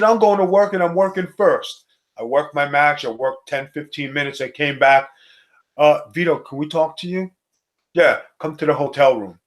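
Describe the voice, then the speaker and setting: A middle-aged man from Staten Island, telling a profane, animated wrestling story in a casual chat. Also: a little high. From Staten Island, New York. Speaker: co-host, former wrestler.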